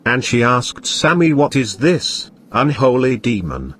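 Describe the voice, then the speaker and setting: A man narrating a scripted comedy story in a flat, matter-of-fact way. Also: medium pitch, unhurried, slightly rough.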